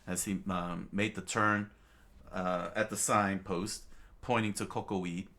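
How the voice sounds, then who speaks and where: A man narrating a manga aloud, halting and restarting often. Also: sits low, steady tone, sharp tone. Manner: halting, many fillers and restarts. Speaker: reader, narrator. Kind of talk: unscripted manga read-aloud.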